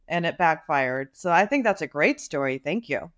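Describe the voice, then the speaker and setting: A woman's voice: sits low, expressive, normal speed. A woman co-hosting a podcast, reacting to stories in casual, reflective chat with hesitant restarts. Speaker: podcast co-host asking questions.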